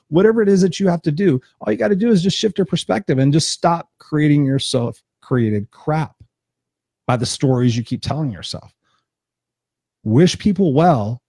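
A man's voice: on the high side, moderate pace, darkish tone, husky, no room sound, clean studio sound. A man giving an unscripted motivational talk as host of his own live stream, passionate and swearing freely, repeating points for emphasis.

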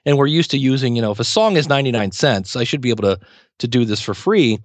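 A middle-aged man, a podcasting teacher, chatting as an interview guest and telling lively anecdotes with acted-out quotes. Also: mid-range voice, fast talker, no room sound. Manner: chatty storyteller, acts out quoted exchanges. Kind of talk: casual interview talk.

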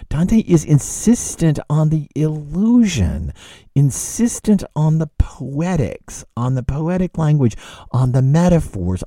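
Animated male lecturer with a dark voice. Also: on the high side, dry recording, clean studio sound. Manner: animated, rhetorical questions, repeats phrases. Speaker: literature lecturer.

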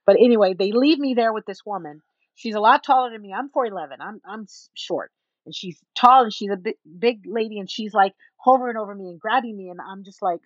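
A woman guest in an interview, telling a story in an animated way and acting out the people in it. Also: medium pitch, fast, dry recording, lo-fi sound. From Texas. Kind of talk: storytelling in a conversation.

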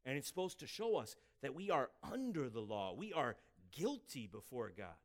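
A man preaching a sermon as pastor, emphatic and rising for scripture, dropping quiet for asides. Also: mid-range voice, sing-song, normal speed. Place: church sanctuary.

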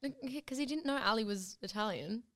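A woman's voice: a little high, brisk, a bit bright, no echo, studio quality. A young woman, a guest on a podcast, chatting casually and telling stories bluntly and with animation. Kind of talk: casual chat.

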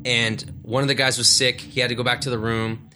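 Bright-voiced man, thirty, telling a story. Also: mid-range voice, brisk, a little hiss or hum. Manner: animated, acts out quoted voices. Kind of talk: casual storytelling.

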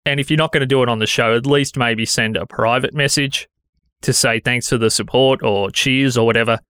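A man's voice: mid-range voice, steady tone, a little fast, a bit bright, clean tone, no echo. An Australian man hosting a solo podcast, talking frankly and conversationally into a studio microphone. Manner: frank, conversational, mildly exasperated critique. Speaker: podcast host. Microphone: studio dynamic microphone.

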